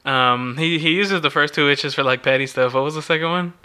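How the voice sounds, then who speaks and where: A man's voice: fairly high pitch, brisk, pushed and bright, smooth. A man co-hosting a casual podcast chat, recapping a film, laughing often and acting out quotes. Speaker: podcast co-host.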